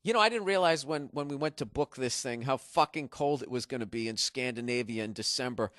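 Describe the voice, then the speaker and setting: Man, from Massachusetts, podcast monologue, profane, rambling, mid pitch, dry studio sound. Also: a little fast, fairly bright tone, no room sound. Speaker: podcast host.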